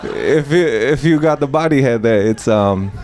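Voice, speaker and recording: A man's voice: mid-range voice, lively intonation, darkish tone. A man doing improvised stand-up, chatty and teasing, often laughing along with the crowd. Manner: chatty, teasing, quick to laugh at his own jokes. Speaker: stand-up comedian. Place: comedy club stage. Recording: live club mic with noise behind.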